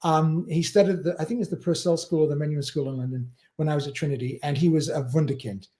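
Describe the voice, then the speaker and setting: A man's voice: fairly high pitch, steady tone, quick pace, warm tone. A man hosting a casual livestream chat, telling rambling stories and chuckling as he talks. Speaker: livestream host.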